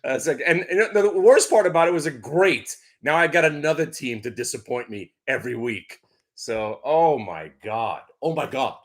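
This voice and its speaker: A middle-aged man talks about his sports bets, loud and excitable. His pitch sits in an ordinary middle range. It is casual chat as a guest on a show. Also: moderate pace.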